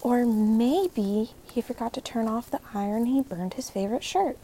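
A woman's voice: on the high side, moderate pace, mellow, slight background noise, lightly acted. A woman playing a fretful, kindly goat. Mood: worried. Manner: worried, eager to help. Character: kind fretful male goat friend.

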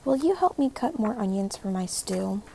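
A woman doing a teary, gentle pig. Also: medium pitch, lively intonation, moderate pace, vocal fry, slight background noise. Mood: tearful. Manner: soft, tearful and welcoming.

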